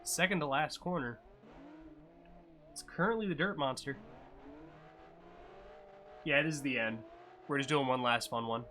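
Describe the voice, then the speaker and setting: A man casually commentating a live-streamed racing game, chatty and offhand with sudden excited yelps at crashes. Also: mid-range voice, measured pace, pauses often, slight background noise.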